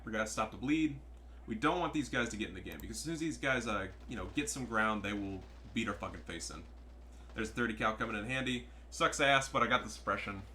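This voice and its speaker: Bright-voiced profane man commentating a game. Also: fairly low pitch, slight background noise. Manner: profane, excitable, trash-talking. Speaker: gameplay commentator. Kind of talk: casual gameplay commentary.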